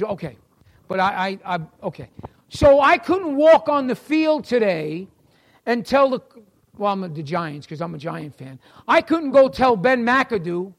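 A middle-aged man with a New York accent teaching a church class in a folksy sermon style, talking to listeners by name. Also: sits high.

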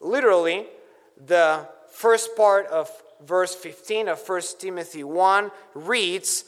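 A man with a high voice preaches slowly and deliberately, leaning hard on key words as he works through scripture. His voice rings out with a long reverb, as if in a large hall. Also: a bit bright. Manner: deliberate, emphatic teaching with scripture quotes. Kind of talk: expository sermon.

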